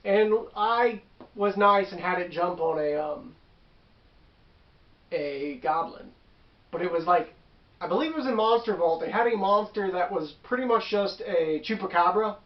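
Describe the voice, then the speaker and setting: Rambling high-voiced man telling a game story. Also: unhurried, roomy sound, lo-fi sound. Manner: rambling, with asides and self-corrections. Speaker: tabletop game master recounting a session. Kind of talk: casual storytelling.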